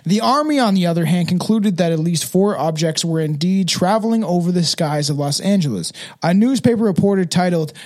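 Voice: medium pitch, a little mellow. Profane, stumbling podcast co-host. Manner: loose and profane, stumbles over names and words. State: intoxicated. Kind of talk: casual podcast chat, reading articles aloud.

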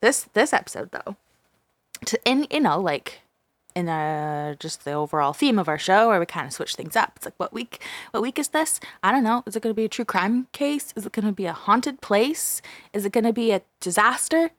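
Giggly, excitable woman podcast host. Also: mid-range voice, moderate pace, dry recording. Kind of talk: casual chat.

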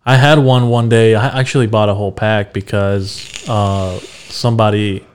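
A man's voice: lowish voice, fairly even intonation, moderate pace, slight background noise. A man who is a guest on a podcast, chatting casually with crude, joking banter. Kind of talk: casual chat.

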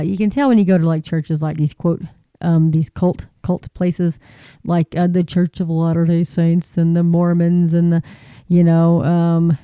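A folksy faith vlogger rambling to the audience, full of fillers and asides, turning preachy now and then. The voice is smooth and even-pitched. The recording is dry and a bit muffled. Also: no room sound. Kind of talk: casual chat to camera.

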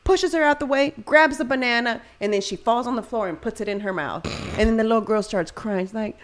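A woman's voice: fairly high pitch, brisk. Chatty mother telling stories. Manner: animated storyteller, many fillers. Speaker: podcast co-host. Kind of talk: casual chat.

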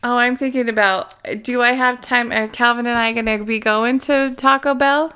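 A woman's voice: a little high, fairly even intonation, normal speed, pushed and bright, clean tone. A woman co-hosting a casual podcast, giggling, swearing and trailing off mid-thought. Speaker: podcast co-host.

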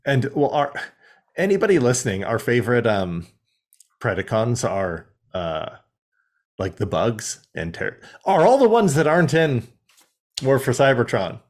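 Animated, laughing podcast co-host man. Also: medium pitch, measured pace. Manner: animated, laughs often, slips into goofy character voices. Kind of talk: casual review chat.

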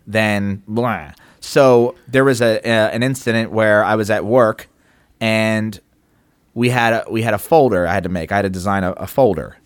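A man's voice: fairly low pitch, no room sound, studio quality. A man co-hosting a podcast, talking loosely in casual chat, swearing offhand and acting out stories from work. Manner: loose, chatty, swears casually, acts out anecdotes. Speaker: podcast co-host.

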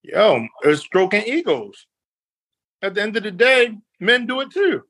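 Guesting on a podcast, a man with a high, husky voice speaks a little slowly in a casual chat. He's animated, acting out quoted lines with plenty of energy.

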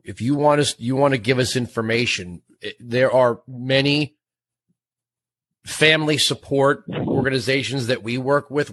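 A man hosting a call-in radio show from a studio, speaking gently and consolingly to a caller. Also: mid-range voice. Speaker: radio host.

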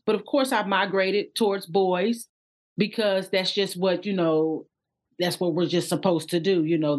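Woman minister, slightly low voice, open and chatty, lots of you know. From Indiana. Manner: candid, chatty, many "you know" fillers. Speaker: guest minister. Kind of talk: casual interview talk.

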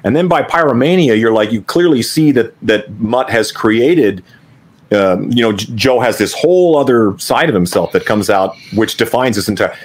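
Lively enthusiastic male host. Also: medium pitch, normal speed. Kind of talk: casual interview chat.

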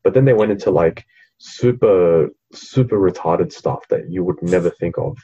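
A young Australian man co-hosts a podcast, rambling through a story in casual chat, swearing freely and mocking the people he quotes. His deep voice is mellow and husky, at a moderate pace, and the audio sounds dull.

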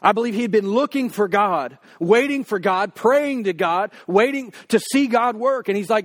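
Pastor, male, high voice, casual preaching manner that slows right down for quoted prayers. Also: animated. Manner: conversational preaching, acts out quoted prayers slowly. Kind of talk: sermon.

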